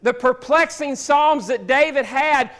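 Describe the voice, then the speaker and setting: High, bright-voiced folksy preacher. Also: male voice, unhurried. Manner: folksy storytelling preacher with homespun sayings. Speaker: pastor. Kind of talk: sermon.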